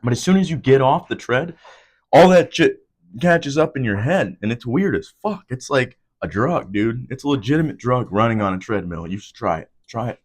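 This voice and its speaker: A man's voice: animated, moderate pace. A man in his twenties, hosting a solo podcast from home. He rants casually, swears constantly, and his voice jumps up sharply when he gets worked up. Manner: profane, heated ranting with sudden jumps up in pitch. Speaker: podcast host.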